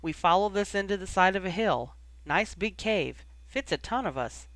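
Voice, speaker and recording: A man's voice: sits high, animated, moderate pace, a bit bright, dry recording. A man voicing a cheerful young male dragon keeper, breezy and teasing in his talk.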